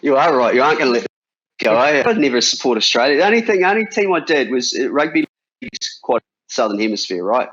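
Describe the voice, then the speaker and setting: A man's voice: medium pitch, sing-song, fast talker, fairly bright tone, husky. A man in his forties from New Zealand, a former cricketer chatting casually as a podcast guest with lots of restarts. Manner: chatty, bantering, many restarts. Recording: dull lo-fi sound.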